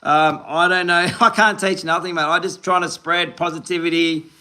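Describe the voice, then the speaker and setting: A man's voice: fairly high pitch, steady tone, moderate pace, pushed and bright. An Australian man in his forties, hosting a fishing livestream, chatting upbeat and rambling while reading viewers' comments and greeting them by name. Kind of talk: casual live-stream chat reading comments.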